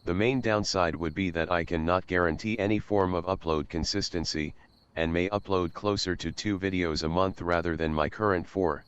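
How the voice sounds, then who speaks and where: A man's voice: low-pitched, steady tone, normal speed, clean tone, highs cut off. A young man reading a scripted, earnest announcement about his channel as its host.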